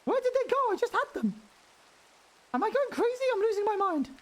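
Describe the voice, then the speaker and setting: A man streaming live, chatting casually with his viewers in a put-on high head voice, rambling and laughing as he plays. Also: very animated, brisk. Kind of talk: casual live-stream chat while gaming.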